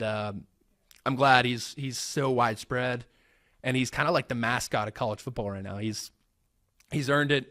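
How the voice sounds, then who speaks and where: A young American man chats loosely and rambles through his answers, circling back with fillers and restarts. His voice sits at an ordinary middle pitch, and the recording is dry and close with no room sound. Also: fairly bright tone, no room sound. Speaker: host. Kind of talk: casual Q&A vlog.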